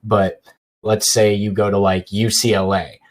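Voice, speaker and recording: A young man with a fairly low voice chats casually as a podcast guest. He tells long, rambling stories full of "like" and "you know," acting out both sides of his conversations. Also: little pitch movement, unhurried. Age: young adult. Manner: rambling storytelling with many fillers. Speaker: YouTuber guest.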